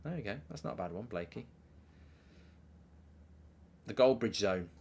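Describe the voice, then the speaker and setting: A man hosting a live football watchalong, rambling and self-mocking as he chats, often dropping into a quiet mumble. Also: on the low side, animated, moderate pace, long pauses, slightly rough. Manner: rambling, self-mocking, riffs on ideas and reads out viewer messages. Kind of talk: casual live commentary and chat reading.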